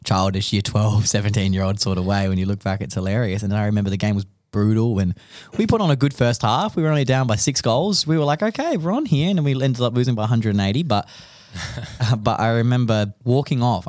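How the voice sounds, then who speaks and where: A man's voice: fairly low pitch, fast, a little mellow, no echo, studio quality. A young man with an Australian accent, co-hosting a casual podcast and telling an emotional story in a rambling way with many restarts. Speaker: podcast co-host.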